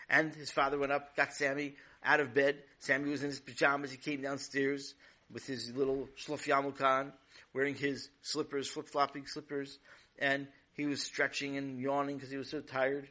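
A man narrating a children's story in an animated, dramatic way. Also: medium pitch, normal speed.

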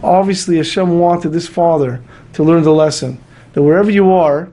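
A man telling a moral story in a storytelling sermon, animated and moving in and out of character voices. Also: a little high, normal speed.

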